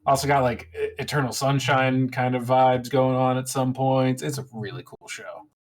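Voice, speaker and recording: A man's voice: mid-range voice, steady tone, moderate pace, darkish tone. A man co-hosting a podcast, chatting casually and giving strong opinions about movies. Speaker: podcast co-host. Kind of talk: casual chat.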